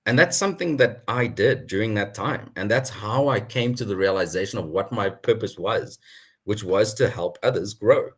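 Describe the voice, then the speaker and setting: Young guy telling his career story, pretty low voice, chuckles a lot. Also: moderate pace, breathy edge. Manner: animated storytelling, chuckles often. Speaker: guest speaker. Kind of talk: personal career story at an online town hall.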